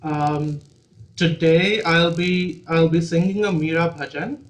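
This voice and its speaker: A man on a video call, graciously introducing his performance, soft-spoken with frequent fillers. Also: fairly high pitch, fairly even intonation, slow pace, echoey room, poor audio. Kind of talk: polite introduction.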